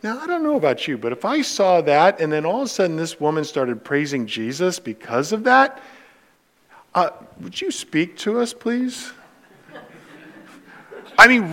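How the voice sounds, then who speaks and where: A man's voice: high voice, a bit bright. A man preaching a sermon to his congregation, emphatic and direct, asking rhetorical questions. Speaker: pastor.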